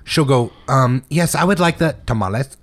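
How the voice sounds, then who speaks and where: A man's voice: a little high, moderate pace. A young man co-hosting a casual podcast chat, joking and rambling, often breaking into laughter. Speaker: podcast co-host.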